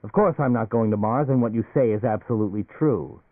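A man's voice: on the low side, brisk, no echo, close to an everyday voice. A man voicing an anxious male business executive who talks in agitated, rising outbursts. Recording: phone-like narrow band, dry.

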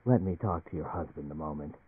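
A man doing a grim, low-voiced male tycoon. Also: normal speed, no echo. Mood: gentle. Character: menacing tall male industrialist, grim. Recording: tinny radio broadcast.

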